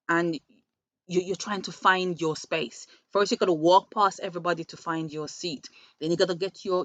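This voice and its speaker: Low-voiced woman giving earnest parenting advice. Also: a bit bright, no echo. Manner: earnest, repeats words when restarting. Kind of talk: advice talk. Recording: dull lo-fi dry recording.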